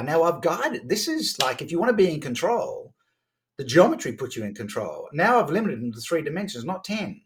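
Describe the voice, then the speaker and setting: Lively man in his fifties. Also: a little high, a little fast. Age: 50s. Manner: lively, acts out quoted dialogue, frequent restarts. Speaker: podcast guest, sales coach. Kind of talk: animated storytelling in conversation.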